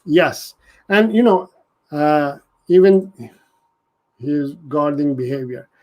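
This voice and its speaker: Slow-talking man. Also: fairly high pitch, expressive, lo-fi sound. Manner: earnest, repeats and restarts, reads out viewer comments. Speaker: dog trainer hosting a live Q&A. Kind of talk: casual live-stream Q&A.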